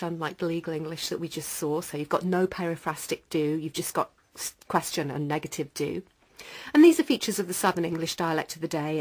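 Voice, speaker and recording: A woman with a fairly low voice presents an academic paper at a conference. Her delivery is measured and explanatory, with the occasional filler between points. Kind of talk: academic lecture.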